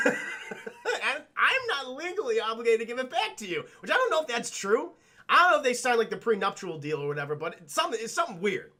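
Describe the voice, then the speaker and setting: A man casually recapping a film on a livestream, animated and profane, laughing often and acting out the characters' lines. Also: high-pitched, brisk. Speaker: film reviewer and streamer.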